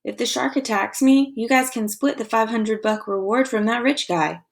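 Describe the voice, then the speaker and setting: A woman's voice: on the high side, moderate pace, vocal fry, pitched above the performer's own voice. A woman reading aloud, voicing a boy who taunts and mocks his friend with sarcasm. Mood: mocking.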